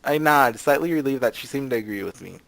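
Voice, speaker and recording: A man's voice: mid-range voice, animated, quick pace, creaky, a bit bright, dry recording. A man hosting a let's play, reading a visual novel aloud and breaking off for sarcastic, jokey asides. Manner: sarcastic, jokey asides between read lines.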